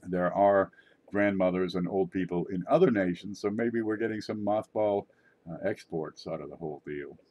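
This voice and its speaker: Middle-aged male vlogger, low husky voice, offhand joking ramble. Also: moderate pace, a little mellow. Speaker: channel host. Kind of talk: casual rambling vlog monologue.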